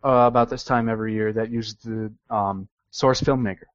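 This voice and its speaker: A man's voice: lowish voice, fairly even intonation, normal speed, dry recording, highs cut off. A man co-hosting a gaming podcast, chatty and rambling, with frequent fillers. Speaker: podcast co-host. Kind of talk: casual chat.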